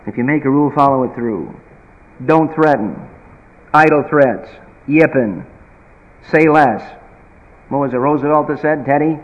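A man preaching a sermon in an emphatic, folksy manner, swinging from loud bursts to quiet asides. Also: medium pitch, measured pace, pauses often, muffled recording. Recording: reverberant hall.

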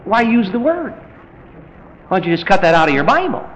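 A man preaching a sermon, animated and rising to emphatic peaks as he drives his points home. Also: high voice, fairly quick, lo-fi sound.

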